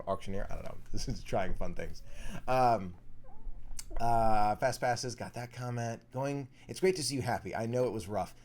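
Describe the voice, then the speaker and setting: A man's voice: lowish voice, normal speed, a little mellow. A young man hosting a casual live stream, reading viewer comments aloud and answering them in a chatty way.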